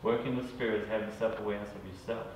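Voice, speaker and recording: An Australian psychic medium teaches a small group conversationally, racing along in a lowish, darkish, steady voice and repeatedly asking "all right?". He's captured from afar in an echoey room with a little hiss or hum.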